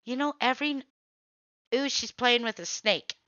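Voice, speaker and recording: A woman's voice: a little high, bright, forceful tone, dry recording, highs cut off. A woman hosting, giving blunt, reactive running commentary as she scrolls through videos. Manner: blunt, reactive, quick to say nope. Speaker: host.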